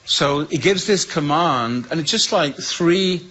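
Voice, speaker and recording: English male storyteller, slightly high, bright voice, animated and funny. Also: slow, poor audio. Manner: lively storyteller who acts out the voices in his tale. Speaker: guest speaker. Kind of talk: humorous personal storytelling.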